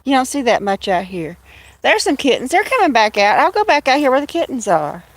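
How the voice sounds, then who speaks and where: Her voice sits high and sing-song as this livestream host speaks briskly, rambling casually to her cats and viewers on a phone stream outdoors with kittens while walking to a field. There's no echo.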